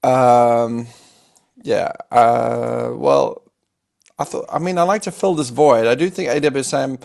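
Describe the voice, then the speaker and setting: A man hosting a casual technical chat, hesitant and gravelly, trailing off softly. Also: mid-range voice, slow.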